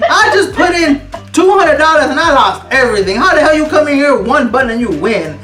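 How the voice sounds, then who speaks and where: A woman voicing an indignant middle-aged woman at a slot machine, shrill and squawking, in an echoey room. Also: expressive, brisk, a bit bright, faint music behind. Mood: outraged.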